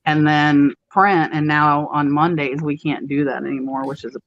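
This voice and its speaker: A woman's voice: deep voice, fairly even intonation, normal speed, dry recording. A woman hosting a casual live chat, talking in a loose, chatty way full of fillers as she reads out viewer questions. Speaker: host. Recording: dull lo-fi call line with glitches.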